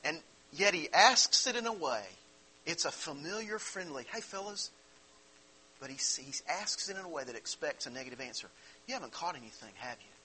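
Man, preacher, conversational sermon, very bright tone, faint background hum. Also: a little high, poor audio. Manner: expository, conversational preaching with rhetorical questions. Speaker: pastor.

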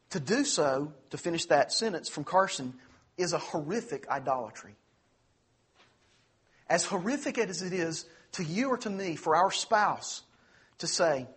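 Husky earnest preaching man. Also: high-pitched, lively intonation, fairly bright tone. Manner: earnest preaching, slows for emphasis, quick asides. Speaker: pastor. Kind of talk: sermon.

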